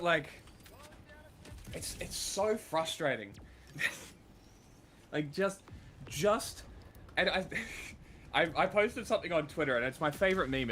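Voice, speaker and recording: A man's voice: a little high, bright, forceful tone. Aussie guy on a livestream, laughs a lot, swears, rambles, some noise behind him. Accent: Australian. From Australia. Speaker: livestream host. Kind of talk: casual livestream chat.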